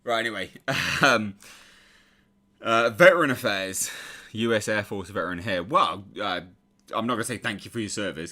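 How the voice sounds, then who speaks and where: A man's voice: sits low, sharp tone. A young English man chatting casually on a live stream and reading out viewer comments. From England.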